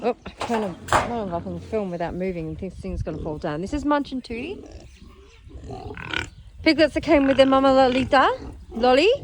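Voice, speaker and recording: A middle-aged Australian woman vlogging her animal sanctuary outdoors on a phone, chatting warmly and cooing at the animals. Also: brisk, long pauses, background noise. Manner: chatty, affectionate, talks to the animals in a high baby voice. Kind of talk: casual vlog narration while filming. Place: outdoors on a farm, in paddocks with animals. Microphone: handheld phone camera, voice shifting closer and farther.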